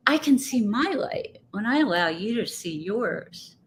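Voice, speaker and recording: A woman's voice: medium pitch, expressive, a little slow. A woman guest speaking in a casual interview, reflective and rambling, often restarting her thoughts. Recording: faint background noise.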